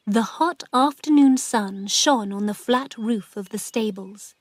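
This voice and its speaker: A woman narrating a story slowly and clearly for English learners. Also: fairly high pitch, no echo. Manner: slow, clear, even. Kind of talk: slow reading for English learners.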